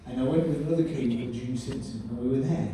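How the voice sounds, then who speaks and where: A man's voice: mid-range voice, very fast, warm tone, slight background noise. A man compering a live stand-up show, chatty and quizzing the crowd. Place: comedy venue. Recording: echoey room, voice far from mic.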